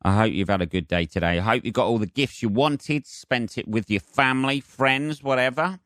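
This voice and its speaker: A man's voice: medium pitch, normal speed, fairly bright tone, no echo, studio quality. A man hosting a solo podcast, rambling casually with swearing and self-mocking asides. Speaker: podcast host.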